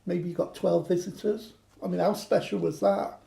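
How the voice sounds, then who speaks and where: A man's voice: high voice, steady tone, normal speed, gravelly, dark tone. A man chatting through a craft demonstration, joking and poking fun at himself. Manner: joking, self-mocking banter.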